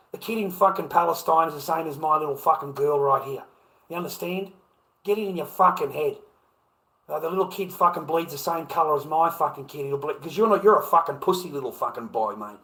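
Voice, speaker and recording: A slightly high-voiced Australian man running a casual livestream from home. He talks in a brash, profane, confrontational way as he reacts to chat comments. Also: bright, forceful tone, low-quality recording. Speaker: livestream host.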